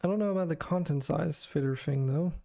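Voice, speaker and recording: Tired guy dev streaming, monotone mumbling to himself, mellow voice. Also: a little high, brisk, vocal fry. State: exhausted. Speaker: game developer streamer. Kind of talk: thinking aloud while coding.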